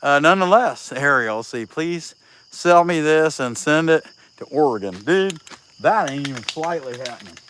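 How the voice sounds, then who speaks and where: A man's voice: fairly high pitch, animated, moderate pace, a bit bright, a little hiss or hum, low-quality recording. A man from Southeast Ohio with a country Appalachian-leaning accent, chatting casually and joking with viewers while he works outdoors. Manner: folksy, joking, reads out viewer names. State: out of breath. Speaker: chainsaw carver livestreaming. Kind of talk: casual livestream chat while working. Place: outdoors at a rural carving spot.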